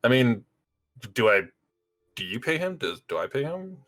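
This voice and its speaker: A man's voice: mid-range voice, sing-song, moderate pace, a bit bright. Hesitant man at a game table. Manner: hesitant, thinking aloud. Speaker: player. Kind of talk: casual tabletop game play.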